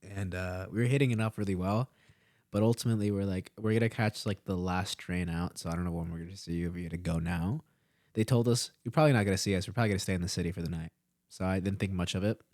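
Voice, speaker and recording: A man's voice: low-pitched, quick pace, dry recording, clean studio sound. A man in his early twenties co-hosting a podcast, telling a rambling, swear-heavy story and acting out the quotes. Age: early 20s. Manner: profane, rambling, animated retelling with acted-out quotes. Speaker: podcast co-host. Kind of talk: casual storytelling chat.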